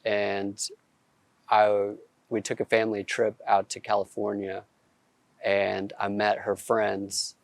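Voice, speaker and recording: A man's voice: lowish voice, monotone, slow, gravelly, no room sound. A man with a heavy Arkansas accent, answering interview questions in a reflective, hesitant way. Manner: hesitant, restarts phrases. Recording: soft music underneath.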